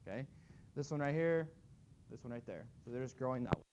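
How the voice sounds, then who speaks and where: A man's voice: medium pitch, lively intonation, brisk, a little mellow, slight background noise. A man teaching a math class, talking casually and thinking aloud as he graphs. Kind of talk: classroom lecture.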